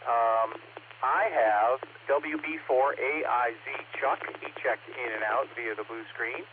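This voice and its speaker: A man's voice: mid-range voice, fairly even intonation, a little slow. An easygoing man hosts check-ins on an amateur radio net, chatting between call signs. His voice comes through a thin, narrowband radio channel with faint hiss behind it. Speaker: pre-net control operator.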